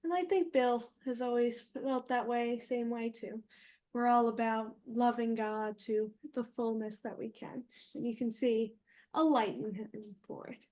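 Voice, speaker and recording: A woman's voice: fairly high pitch, fairly even intonation, measured pace, a little mellow. A young woman, a guest on an interview show, speaking earnestly and reflectively with light laughs. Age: young adult. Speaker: guest, university co-founder. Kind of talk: casual interview.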